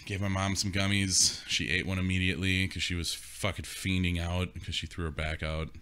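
A young man co-hosting a podcast speaks in a low, smooth, sharp-toned voice at a moderate pace with little pitch movement. In casual chat, he rambles through stories, laughing often and swearing freely.

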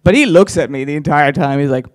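A man's voice: fairly high pitch, quick pace, dry recording, clean studio sound, faint music behind. A man doing stand-up on a conference stage, teasing the audience with crude, chatty crowd work. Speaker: stand-up comedian.

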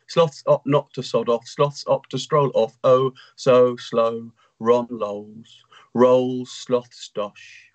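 A man on a video call performing a comic poem, delivering it slowly and deliberately. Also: medium pitch, fairly even intonation. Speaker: poet performing. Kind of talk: performance poetry reading. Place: home.

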